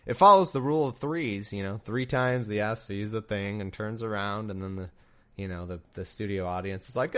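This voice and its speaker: A man's voice: lowish voice, moderate pace. A young man reading scripture aloud and breaking off into sarcastic, incredulous, rambling commentary.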